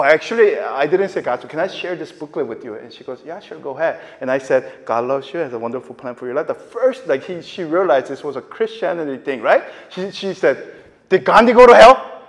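A man giving a casual preaching lecture, telling stories with many fillers and getting loud and excited at times. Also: in a large hall. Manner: animated storytelling, many fillers, voice jumping high and loud when excited. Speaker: lecturer at a ministry training.

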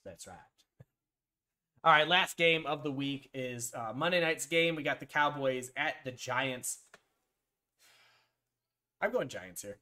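Speaking slowly with long pauses, this live streamer has a medium-pitched, animated voice with a bright, forceful tone. He wanders through sports picks, answers viewers by name, and shares frank, lightly profane views, frequently restarting and saying um.

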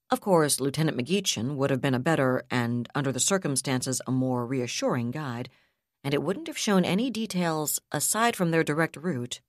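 A woman reading an audiobook as narrator in a steady, even way. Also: low-pitched, no room sound, studio quality. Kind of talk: scripted narration.

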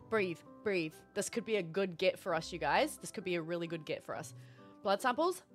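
A woman's voice: on the low side, a little fast, faint music behind. A young woman streaming a game, chatting casually to her viewers and laughing often. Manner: animated, laughs often, talks to chat. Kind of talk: casual gameplay commentary.

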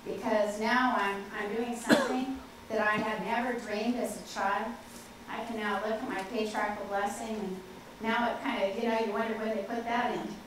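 A woman's voice: mid-range voice, fairly even intonation, normal speed. An older woman, a professor, telling anecdotes in a chatty lecture full of "okay" and "uh" fillers. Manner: chatty, frequent "okay" and "uh" fillers, laughs at herself. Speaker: professor giving a faculty talk. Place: large lecture hall with audience. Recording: very echoey hall, distant, faint hiss.

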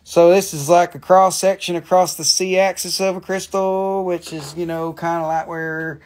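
A man's voice: high-pitched, flat delivery, moderate pace, darkish tone. An American man hosting a live mineral sales stream, joking and casual, talking into a phone. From grew up near Washington, D.C. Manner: playful, jokey, swears casually.

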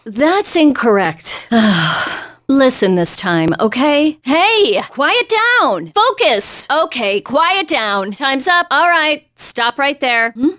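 Game maid-teacher lady, high voice, teasing, sighs a lot, takes her time. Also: sing-song, slow pace, a bit bright, full character voice. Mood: teacherly. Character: young adult female teacher doing maid service, fussy. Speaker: voice actress. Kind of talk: game voice clips.

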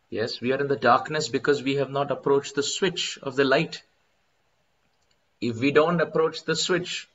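A man delivers a devotional lecture, moving between plain explanation and expressive chanted verses. His voice sits in a middle pitch. The recording is somewhat dull and lo-fi. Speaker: spiritual teacher.

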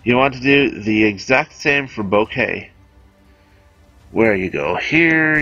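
A man's voice: lowish voice, expressive, slow pace, pauses often, bright, forceful tone, soft background music. A man giving casual, chatty, self-amused commentary over a video game as he explains weapons. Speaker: game guide host.

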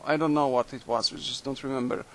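A young man quietly musing aloud while playing a strategy game, halting and thinking out loud. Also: medium pitch, steady tone, slight background noise, low-quality recording. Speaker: video game commentator. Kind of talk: late-night let's play commentary.

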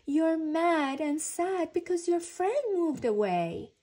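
A woman reading a storybook, voicing a patient father who talks calmly and reassuringly. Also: extremely high pitch, slow pace, voice pushed up, heavily acted. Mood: gentle. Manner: calm, reassuring.

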